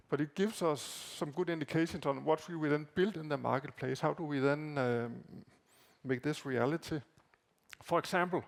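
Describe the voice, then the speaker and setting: A man whose first language is Danish gives a conference talk, walking through slides in a halting way with frequent fillers and repeated words. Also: medium pitch, creaky. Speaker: conference presenter. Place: conference hall.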